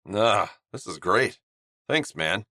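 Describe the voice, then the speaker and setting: A man's voice: fairly low pitch, lively intonation, slow pace, sharp tone, no room sound, clean studio sound, full character voice. A man voicing a laid-back, wry young male hockey player in an audiobook. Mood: dry. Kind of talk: audiobook character voice.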